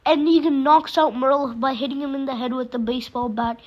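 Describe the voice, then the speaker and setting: A woman's voice: high voice, steady tone, fairly quick, muffled recording, slight background noise. A woman narrating a fan retelling in a plain, run-on casual way, chaining events with "and then". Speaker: storyteller.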